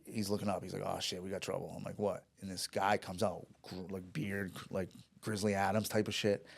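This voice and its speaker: Rambling, profane man with a low voice. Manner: rambling, profane, with restarts and quoted dialogue. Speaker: podcast guest. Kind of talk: casual storytelling.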